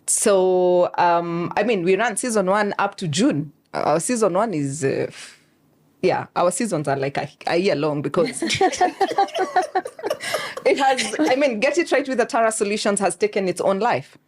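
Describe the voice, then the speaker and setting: A woman, a guest telling how she founded her show, in animated storytelling full of fillers and quoted asides. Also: mid-range voice, moderate pace. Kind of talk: conversational interview.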